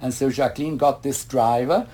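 Older man, interviewee, mellow, rambling anecdotal storyteller full of asides. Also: mid-range voice, fairly even intonation, moderate pace. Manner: rambling anecdotal, quotes others, many asides. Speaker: interviewee, retired ballet master.

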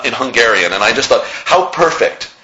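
A man's voice: medium pitch, moderate pace. A middle-aged man, a playwright, telling anecdotes in a casual interview and acting out the dialogue he quotes. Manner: animated anecdote-teller who acts out quoted dialogue. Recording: slightly muffled lo-fi recording with faint hiss.

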